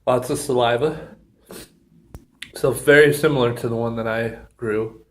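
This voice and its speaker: A man speaks slowly in a casual solo review, his pitch staying flat and even. He halts often with ums and pauses. He sounds a little out of breath, sniffly from a runny nose, with his mouth still burning. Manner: halting, with many ums and pauses. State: slightly out of breath from pepper heat. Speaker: pepper reviewer.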